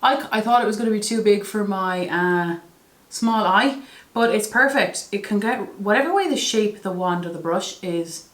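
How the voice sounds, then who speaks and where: A woman's voice: medium pitch, normal speed, echoey room. A woman reviewing her makeup products in a chatty, self-deprecating way. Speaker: beauty vlogger. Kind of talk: casual product review vlog.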